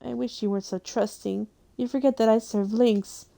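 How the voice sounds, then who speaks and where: A woman voicing a gentle, mournful female spirit in a mirror, speaking slowly and mysteriously in a husky alto. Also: on the high side, fairly even intonation.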